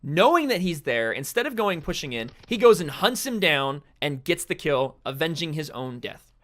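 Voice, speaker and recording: A young American man giving solo esports-style play-by-play of a shooter game from his streaming chair, getting excited on big plays. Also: on the high side, moderate pace. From United States. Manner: excitable play-by-play, chatting with stream viewers between calls. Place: home streaming setup, seated in a chair.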